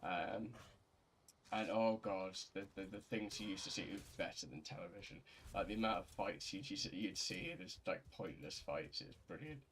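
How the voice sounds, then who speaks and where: A man's voice: sits low, expressive, moderate pace, fairly bright tone, a little hiss or hum. A young man, a bit tipsy, rambling casually as a gaming streamer, with lots of fillers, restarts and swearing. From England.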